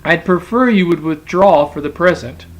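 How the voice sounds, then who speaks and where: A man's voice: a little high, normal speed, highs cut off, voice pushed up, natural voice. A man reading a curt, flustered lawyer. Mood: agitated. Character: flustered male lawyer employer.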